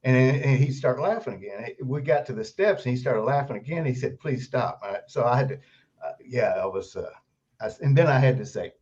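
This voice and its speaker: An older man, a guest author, telling animated stories in an interview and laughing often as he goes. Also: medium pitch, fairly quick. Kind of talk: storytelling interview. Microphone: video call. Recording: dull lo-fi remote call audio.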